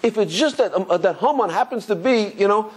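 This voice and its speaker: A rabbi giving an animated Torah class, telling stories excitedly with stumbling repetitions and chuckles. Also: male voice, sits high, brisk, breathy edge. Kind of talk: animated Torah lesson with storytelling.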